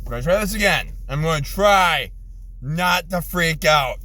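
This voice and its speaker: A middle-aged man, an army veteran, in an angry, profane rant from his car, exasperated, his voice jumping high when he yells. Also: animated, normal speed, rough recording. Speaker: ranting vlogger, army veteran.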